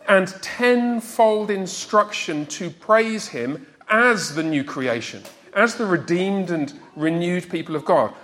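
A man preaching to a church gathering in an emphatic, teacherly sermon, stressing key words and firing questions at his listeners. His voice sits a touch higher than most men's, with a faint hum of noise in the background.

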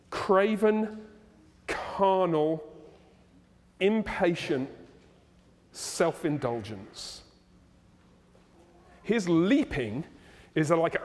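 A man preaching a sermon as pastor, animated and playful as he tells the story. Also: fairly high pitch, slow. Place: church hall, live congregation. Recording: long reverb of a church hall.

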